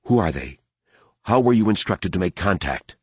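A man voicing a grim, wounded male secret agent who talks in clipped, low lines. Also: lively intonation, moderate pace, slightly rough, no room sound, clean studio sound. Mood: grim, terse.

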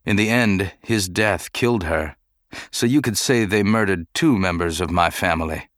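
A man's voice: sits low, normal speed, a bit bright, no room sound, clean studio sound. A man reading an audiobook voices a grieving male senator who speaks in a bitter, indignant way.

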